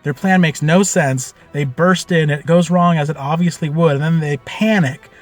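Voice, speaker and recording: A man telling the story of a tabletop game he ran as game master, in a loose, animated way with lots of fillers and casual swearing. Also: fairly high pitch, moderate pace, faint music behind.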